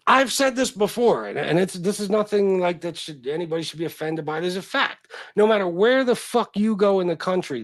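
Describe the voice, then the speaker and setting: A man's voice: on the high side, dry recording. A man hosting a livestream, chatting casually with viewers in a rambling, profane way. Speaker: livestream host. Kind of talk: casual chat.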